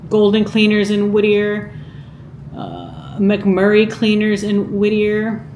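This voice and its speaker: A woman's voice: mid-range voice, monotone, slow pace, darkish tone, echoey room, a little hiss or hum, rough recording. A woman vlogging casually, reading out items from a vintage cookbook and musing aloud with questions to her viewers. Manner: chatty, muses aloud and asks viewers questions. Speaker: cooking vlogger.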